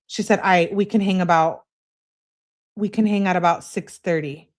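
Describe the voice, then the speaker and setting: Animated woman reading texts aloud. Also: on the low side, normal speed. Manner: animated, reads both sides, breaks in with wry asides. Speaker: live-stream host. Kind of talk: reading text messages aloud with commentary.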